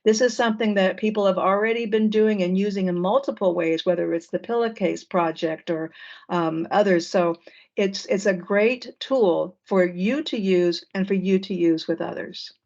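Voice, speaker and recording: A woman presenting an online training session, relaxed and with frequent fillers, heard over a video call. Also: medium pitch, normal speed. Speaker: workshop presenter. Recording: dull lo-fi call audio.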